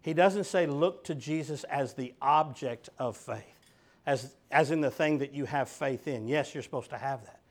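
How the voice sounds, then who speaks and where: A man's voice: mid-range voice, normal speed. A man preaching a sermon, emphatic and direct with his listeners. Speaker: pastor.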